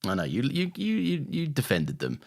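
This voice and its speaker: A man's voice: mid-range voice, wildly swooping pitch, normal speed, gravelly. Chatty, stammering male podcast co-host. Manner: chatty, stammering restarts, laughs easily. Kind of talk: casual chat.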